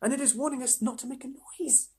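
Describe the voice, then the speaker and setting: Man doing a careful, sensible schoolgirl, pitched up, slightly husky; storybook read-aloud. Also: fast, a little mellow, heavily acted. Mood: cautious. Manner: raised, careful girlish voice. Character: sensible older girl, cautious.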